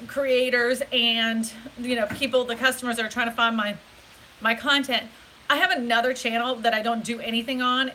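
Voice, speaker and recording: A chatty woman rambles and giggles through a casual live stream, filmed on her phone in a hotel room. Her voice is bright and a touch high. Faint noise hums underneath. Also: poor audio. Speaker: real estate agent and YouTube vlogger. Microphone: phone camera.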